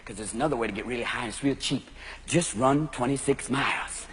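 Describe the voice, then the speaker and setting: A man doing a fast-switching stand-up comedy routine on a club stage, often shouting his bits. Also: mid-range voice. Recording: live club recording with loud audience and noise. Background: audience laughter.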